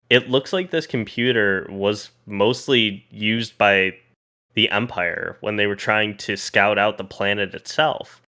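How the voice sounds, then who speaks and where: A man's voice: on the low side, pushed and bright. A man narrating a tabletop role-playing game as game master, in a casual, loose way that thinks aloud.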